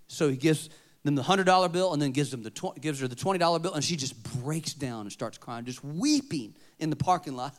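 Emphatic preaching man, higher pitched. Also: lively intonation, a little fast. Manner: dynamic preaching, swings from loud emphatic to quiet storytelling. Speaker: pastor. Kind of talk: sermon.

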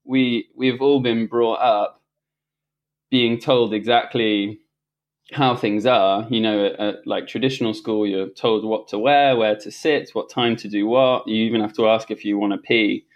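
A man, a podcast guest, telling a personal story in casual conversation, animated and reflective, often restarting his sentences and laughing. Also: on the low side, unhurried.

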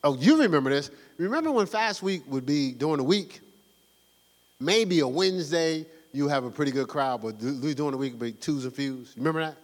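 A man's voice: a little high, lively intonation, fairly quick, in a large hall. A male pastor preaching a sermon in a fervent, conversational, slangy way, exhorting his congregation.

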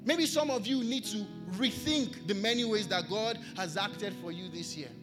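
A man's voice: high-pitched, normal speed, over music. A Nigerian man preaching a sermon, earnest, returning again and again to repeated refrains. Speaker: pastor. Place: church.

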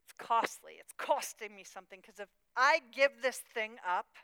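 A woman preaching a sermon, moving between hushed, personal confession and impassioned outbursts. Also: fairly high pitch, animated, moderate pace, clear, resonant tone, dry recording, poor audio. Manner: emotional, swings from hushed to impassioned.

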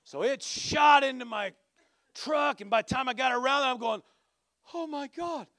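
A man preaching with a high, bright voice. He tells his story in a rambling, animated way, with restarts and bursts of loud exclamation. The sound is dry and close, with no room echo. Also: normal speed. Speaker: pastor. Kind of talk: sermon with a personal story.

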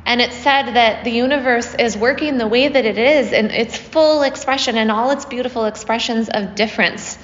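A woman's voice: on the high side, fairly bright tone, big-room sound, lo-fi sound, a little hiss or hum. A woman casually retelling a myth to a group she is teaching, with a chatty manner and frequent "right?" checks. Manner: conversational, often asks "right?" with fillers.

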